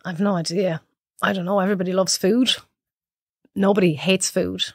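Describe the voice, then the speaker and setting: An Irish woman cook talking as a podcast guest, a chatty, animated storyteller who laughs often. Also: fairly low pitch, moderate pace, slightly rough, no echo, clean studio sound. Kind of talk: casual chat.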